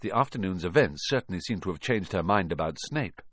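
Male audiobook reader, dramatic and expressive, dry close recording. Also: low voice, fairly quick, few pauses, dry recording. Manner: dramatic, expressive reading with big swings. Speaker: audiobook narrator. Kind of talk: storybook narration.

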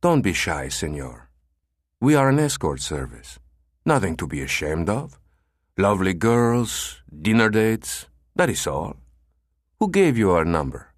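A man's voice: low-pitched, very animated, unhurried, no echo, clean studio sound, exaggerated voice. A man voicing a gushing, pushy Spanish salesman who runs an escort service, in an audiobook. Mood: wheedling.

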